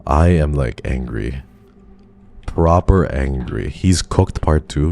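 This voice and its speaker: Deep deep voice guy streaming, grumbly and sweary, bouncy intonation, light noise behind. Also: expressive, slow pace, gravelly, a little mellow. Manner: frustrated, swearing, talks to chat. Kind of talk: live game streaming commentary.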